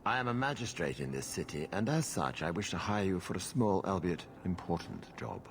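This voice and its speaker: A scheming magistrate with a very low voice that swoops up and down expressively as he coaxes and bargains in formal phrases. Light background noise runs under the video game audio. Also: sing-song, fairly quick. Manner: formal, lofty and persuasive. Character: smooth, scheming male city magistrate.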